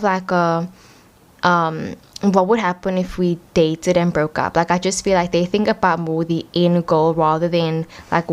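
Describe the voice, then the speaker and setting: A young woman giving a casual tarot reading at home, rambling and chatty with lots of filler words. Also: on the low side. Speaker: tarot reader. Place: home room.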